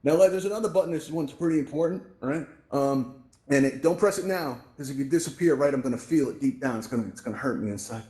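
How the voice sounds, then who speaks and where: A man's voice: medium pitch, fast, mellow. A man hosting a live virtual reality class, chatty and walking the audience through the controls, often checking in with "right?". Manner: chatty, keeps asking "right?". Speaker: VR event host teaching controls. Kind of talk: live instructional walkthrough. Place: virtual reality event room, speaking to an audience.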